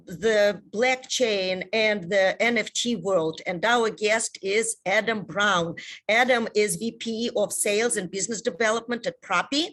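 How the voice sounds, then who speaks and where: A woman's voice: a little high, fairly bright tone. A woman with a Russian accent hosting a webinar talk show from a hotel room, enthusiastic and filler-heavy, voice a bit worn. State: losing her voice.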